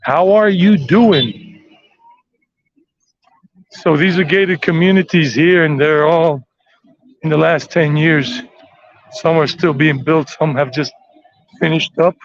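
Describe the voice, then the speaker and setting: A man's voice: a little high, steady tone, unhurried, dull audio. An American man giving a rambling, chatty walking tour outdoors on city streets. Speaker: tour vlogger.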